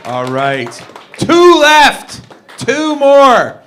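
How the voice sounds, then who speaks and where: A man emcees a comedy night from the stage with upbeat, loose patter. His voice is high and bright. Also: wildly swooping pitch, very slow, a little hiss or hum. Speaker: comedy show host.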